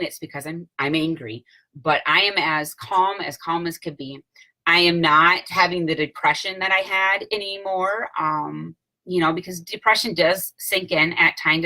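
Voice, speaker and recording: Chatty rambling woman with a bright voice. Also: fairly low pitch, low-quality recording. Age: late 30s. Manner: chatty, rambling, many fillers and restarts. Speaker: vlogger selling CBD oil. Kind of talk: casual testimonial talk to camera. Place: home.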